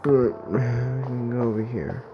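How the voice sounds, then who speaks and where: A man's voice: mid-range voice, steady tone, a little slow, muffled recording. A man playing a video game, casually commenting and muttering self-deprecating remarks to himself. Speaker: let's play gamer. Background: game music.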